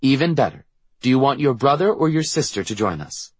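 A brisk, impatient mother who brooks no argument, as a man puts her on. She speaks firmly in a slightly lifted, husky voice. The sound is dry and close. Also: mid-range voice, expressive, dry recording, voice pushed up. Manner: brisk and firm.

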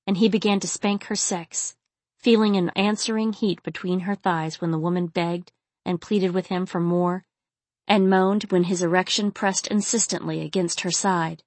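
A woman narrating a novel in a steady, intimate storytelling manner. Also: on the low side, moderate pace, no room sound. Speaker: audiobook narrator. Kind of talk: scripted audiobook narration.

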